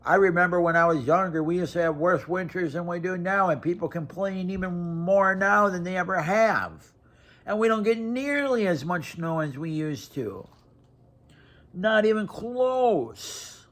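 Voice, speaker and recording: A man's voice: high voice, animated, moderate pace, a bit bright. Blunt, profane young man ranting casually. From Wisconsin. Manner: blunt, profane, repetitive restarts. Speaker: vlogger. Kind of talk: casual rant to camera.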